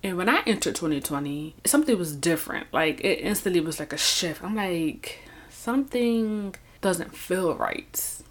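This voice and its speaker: A woman talking casually about her faith, rambling with lots of "you know" and "y'all", and acting out quotes with a lively voice. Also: low-pitched, brisk, hardly any pauses, husky. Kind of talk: casual faith talk to camera.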